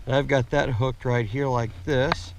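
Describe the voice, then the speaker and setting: Outdoor gear vlogger, male, slightly rough voice, slow plain how-to delivery. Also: medium pitch, fairly even intonation, a little hiss or hum. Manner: slow, plain step-by-step explaining with fillers. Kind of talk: casual how-to demonstration. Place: outdoors in woods.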